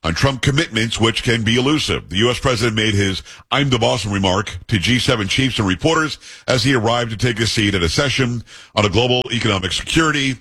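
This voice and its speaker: Husky opinionated talk radio man. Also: mid-range voice, fast talker, fairly bright tone. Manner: opinionated, emphatic, joking with co-hosts. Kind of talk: talk radio commentary reading news.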